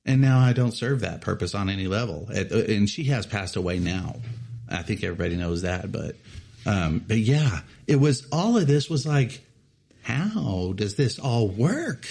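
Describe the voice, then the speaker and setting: A man in his thirties telling a personal story in casual chat, animated and often laughing as he acts out other people's lines. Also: lowish voice, moderate pace, creaky. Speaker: podcast co-host telling a story.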